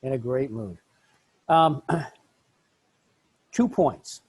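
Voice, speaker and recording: A man hosting a podcast interview in casual chat, effusive and quick to laugh. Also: medium pitch, lively intonation, darkish tone, slightly rough, poor audio. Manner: effusive, laughs often, talks in bursts. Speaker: podcast host.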